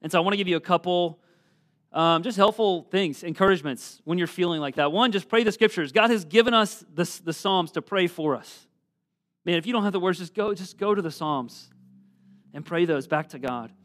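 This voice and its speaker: Middle-aged male preacher, earnest sermon delivery, voice pitched a bit high, scripture read with swelling emphasis. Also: fairly quick, fairly bright tone. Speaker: pastor.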